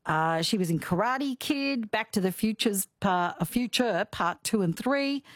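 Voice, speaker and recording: Lively woman radio quiz host. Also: mid-range voice, measured pace, hardly any pauses, no room sound, clean studio sound. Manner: lively, laughs often.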